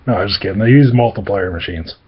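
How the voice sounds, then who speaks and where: A man's voice: fairly low pitch, fast, husky, lo-fi sound. A man telling an improvised comic story, rambling with joking asides and many fillers.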